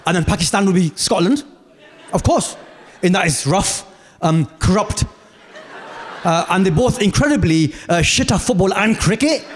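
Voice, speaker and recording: A man around forty with a British accent, performing live stand-up comedy in a theatre in a playful, animated way. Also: moderate pace, long pauses, a little hiss or hum. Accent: British English. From United Kingdom. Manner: animated, playful, with sudden jumps in pitch. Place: large theatre stage.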